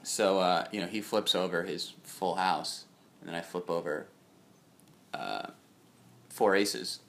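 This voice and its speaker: A man's voice: deep voice, takes it slowly. A young man co-hosting a casual chat show, telling a long rambling anecdote. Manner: rambling anecdotal storyteller, quoting others in his own voice. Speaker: podcast co-host.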